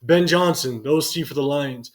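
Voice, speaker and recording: A man's voice: on the high side, moderate pace. A man in his forties giving casual, conversational sports commentary to his channel's viewers, thinking aloud as he goes. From United States.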